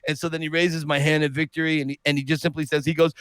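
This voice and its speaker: A man on a podcast telling an animated personal story, acting out the people he quotes. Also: a little high, rapid-fire, few pauses, no echo. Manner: lively anecdote teller who acts out quotes. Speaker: podcast guest.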